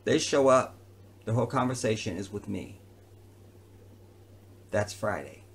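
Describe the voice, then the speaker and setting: With slight background noise, a man of medium pitch talks briskly with vocal fry. He's an entertainer telling a personal story to camera, animated, slangy and chatty.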